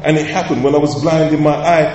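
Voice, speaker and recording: A male pastor preaching a sermon with emphatic, sometimes loud outbursts. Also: on the high side, steady tone, fast, dull audio, slight background noise. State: coughing, slightly hoarse. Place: large church hall. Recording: echoey hall, heard from far off.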